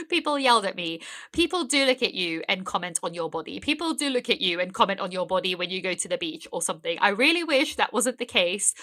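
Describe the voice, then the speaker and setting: Bright-voiced earnest woman, podcast guest. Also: medium pitch. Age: young adult. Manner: earnest and emphatic, many fillers and restarts. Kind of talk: casual conversational interview.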